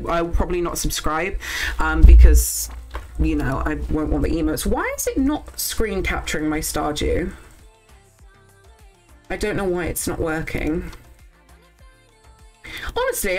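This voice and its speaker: A young woman, chatting casually while live-streaming a farming game, thinking out loud and swearing when things go wrong. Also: on the low side, poor audio.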